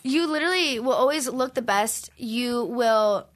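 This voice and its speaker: A woman's voice: on the high side, a little slow. A young woman in casual chat, affectionate and supportive, often saying "literally". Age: young adult.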